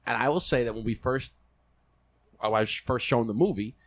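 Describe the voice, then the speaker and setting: A man's voice: mid-range voice, normal speed. A man hosting a podcast in casual chat, telling stories with lots of swearing and animation. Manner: profane, animated storytelling. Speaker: podcast host.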